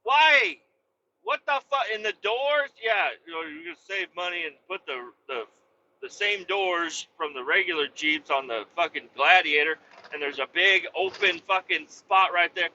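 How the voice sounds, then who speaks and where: A man hosting a comedic rant, swearing constantly, mocking and shouting in bursts. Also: fairly high pitch, moderate pace, lo-fi sound, slight background noise. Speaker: host.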